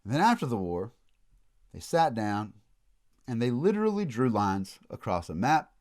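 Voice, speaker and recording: Man, college history lecture, very animated pitch, storytelling with restarts. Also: normal speed.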